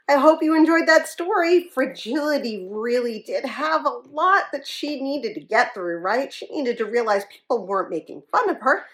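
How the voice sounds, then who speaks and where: Lady reading a kids story, super expressive, bouncy voice, takes her time. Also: fairly high pitch, unhurried, few pauses, rough recording. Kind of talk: children's story read-aloud.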